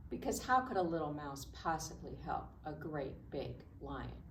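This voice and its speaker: A woman librarian reading a story aloud to children, slowly and expressively, at a public library. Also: low-pitched, muffled recording. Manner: slow, animated, expressive storytelling. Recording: echoey room, mic at a distance.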